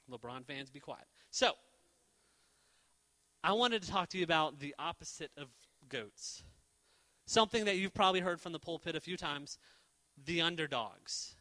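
A young man with a high, very bright voice gives a casual, jokey sermon, telling Bible stories with animated energy and slipping into quick voices for the characters. The sound rings with the long reverb of a church hall. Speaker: preacher.

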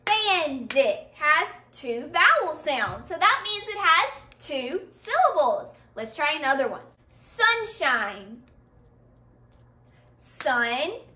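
A woman teaches a children's phonics lesson at a slow, careful pace. Her high, bright voice rises and falls a lot as she asks questions and praises the class. She is recorded from some distance in an echoey room. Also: sing-song.

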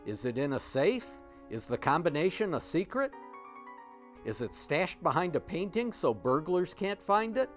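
A man's voice: on the high side, very animated, normal speed, soft background music, voice pushed up. A man voicing a curious, chatty little girl in a storybook reading, firing off eager questions.

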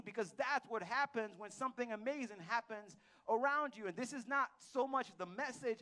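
Speaking in a notably high voice, a pastor gives a lively, informal sermon in a church hall. He tells stories with acted-out dialogue and quizzes the congregation along the way.

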